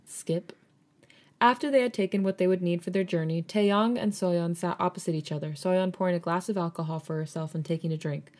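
Woman podcast host reading fanfic out loud, lowish voice, casual and chatty. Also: fairly even intonation, brisk. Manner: casual, chatty, reads with small stumbles. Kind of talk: reading fan fiction aloud with casual chat.

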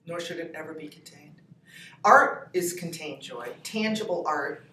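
Animated comedian woman in an echoey room. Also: deep voice, measured pace. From New Hampshire, US. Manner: animated, laughing storyteller. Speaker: comedian guest. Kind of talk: podcast interview. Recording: echoey room, distant mic, faint ambience.

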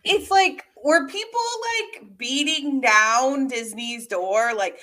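A woman's voice: high voice, bright, forceful tone. A woman co-hosting a casual review chat, dry and teasing in her remarks. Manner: dry, teasing, drawn-out delivery. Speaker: podcast co-host.

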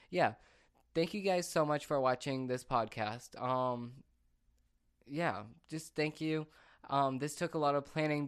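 A man's voice: medium pitch, no room sound, studio quality. A man hosting his own podcast, telling stories in a loose, rambling and chatty way. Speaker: podcast host. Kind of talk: casual solo storytelling.

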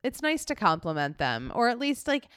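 A woman's voice: a little high, normal speed, smooth, dry recording. A young adult woman co-hosting a podcast, casually telling a story and acting out the quotes. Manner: animated anecdote teller, acts out quotes. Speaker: podcast co-host.

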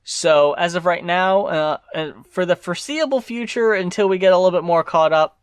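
Brief: male podcast co-host, high clear voice, steady and measured, dry close-mic sound. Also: no echo. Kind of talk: casual chat and show outro.

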